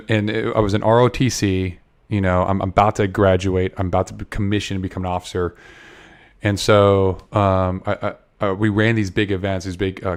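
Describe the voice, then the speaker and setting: A man as a podcast guest, telling a story in an earnest, rambling way full of restarts and repeated words. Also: fairly low pitch. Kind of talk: casual storytelling interview.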